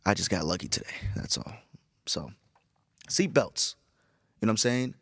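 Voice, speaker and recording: A tired, groggy man hosting a casual solo podcast, rambling with profanity and animated storytelling. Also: lowish voice, moderate pace, dry recording, studio quality. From Chicago area. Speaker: podcast host.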